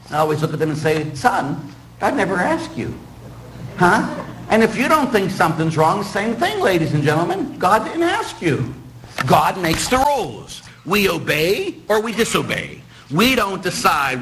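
A man's voice: on the high side, big pitch swings, fairly quick, fairly bright tone, slight background noise, low-quality recording. A man, a middle-aged Catholic priest, preaching a sermon with jokes, rhetorical questions and acted-out quotes.

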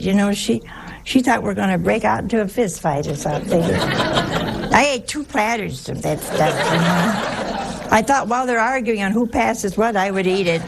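A woman's voice: medium pitch, creaky, very noisy. A woman who is a nun, giving a chatty sermon-style talk, telling stories and asking her listeners rhetorical questions.

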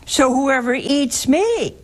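An older woman hosting a religious call-in show, teaching slowly and emphatically with sudden high rises. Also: lively intonation, darkish tone. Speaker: religious radio host answering callers.

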